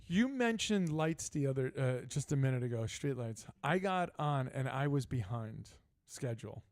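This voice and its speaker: An older man hosting a live sports talk show, telling stories in a casual, animated way. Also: medium pitch, normal speed, dry recording. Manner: storytelling, animated, laughing asides. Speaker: host. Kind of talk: casual chat.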